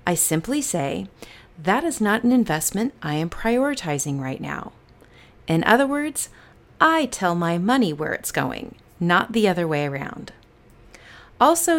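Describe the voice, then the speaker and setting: A middle-aged woman hosting a motivational affirmation podcast, upbeat and encouraging, stretching words out for emphasis. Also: medium pitch. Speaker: podcast host.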